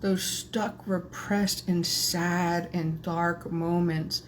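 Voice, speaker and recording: A woman energy healer leading a guided channeling session in soft, meandering spiritual phrasing. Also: lowish voice, steady tone, drawn-out words, slight background noise.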